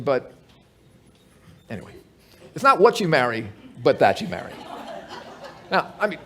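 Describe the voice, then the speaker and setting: A man preaching a sermon as pastor at an evening church service, conversational and joking, full of rhetorical questions. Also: a little high.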